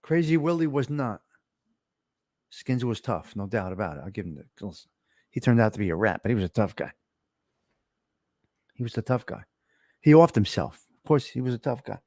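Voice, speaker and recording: A man's voice: mid-range voice, big pitch swings, moderate pace, long pauses, a little mellow, no echo. A middle-aged man hosting a casual chat, telling stories in a blunt, profane, tough-guy way. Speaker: show host.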